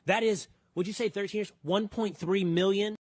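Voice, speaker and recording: A man hosting a cable news interview, reacting with disbelief and recapping the point in quick lists. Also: high-pitched, steady tone, no echo. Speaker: TV news host.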